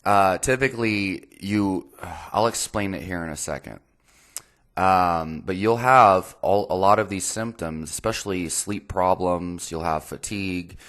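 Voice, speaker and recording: A man with a very low voice, talking casually as the host of a fitness and nutrition channel. He is blunt and openly exasperated, and he swears freely as he picks apart a viewer's message. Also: a little slow, a bit bright.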